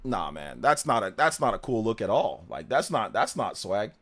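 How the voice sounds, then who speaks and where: A young man hosting a live reaction stream, chatting in a relaxed, slangy way, humming tunes and laughing often. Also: fairly low pitch, normal speed, faint music behind.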